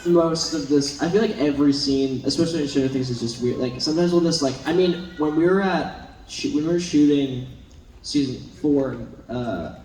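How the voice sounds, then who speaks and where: A man's voice: on the high side, normal speed. A young man as a panel guest, telling rambling stories with lots of laughs. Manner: rambling, animated, laughs often. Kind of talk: casual panel storytelling. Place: large convention hall. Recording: echoey convention hall from far off, crowd. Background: crowd noise.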